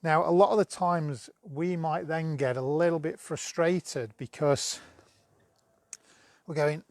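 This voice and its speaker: Chatty dog trainer, higher man's voice. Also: steady tone, slow, dry recording. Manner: chatty, coaxing, bursts of high praise to the dog. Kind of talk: live-streamed training demo.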